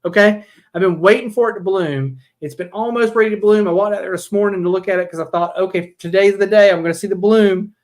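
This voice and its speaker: A woman's voice: mid-range voice, fast, few pauses, a little mellow. A woman co-hosting a podcast, chatting casually and swearing, rambling with lots of fillers. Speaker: podcast co-host. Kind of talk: casual chat.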